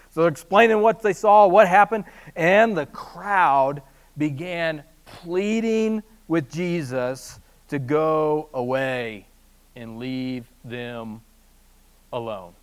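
A man preaching a sermon, swinging between hushed, slow passages and loud, fast bursts, with humorous asides. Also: fairly high pitch, clean tone. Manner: animated storytelling with humorous asides. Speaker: pastor.

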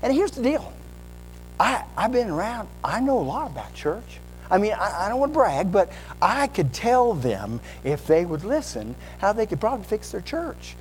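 A man's voice: high-pitched, sing-song, moderate pace, slight background noise, pitched above the performer's own voice, rough recording. A man voicing a boastful know-it-all churchgoer who talks with mock self-importance and lots of bragging. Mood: smug, bragging.

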